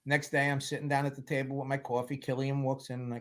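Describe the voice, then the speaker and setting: Animated man telling stories. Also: mid-range voice, quick pace. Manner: animated storyteller, acts out quotes, laughs often. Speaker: film producer guest. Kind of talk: casual interview storytelling.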